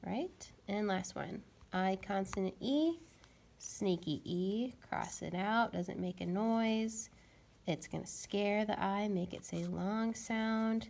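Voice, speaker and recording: A woman's voice: mid-range voice, takes it slowly, creaky, a little mellow. A woman teaching a phonics lesson to young children, patiently sounding out letters and words.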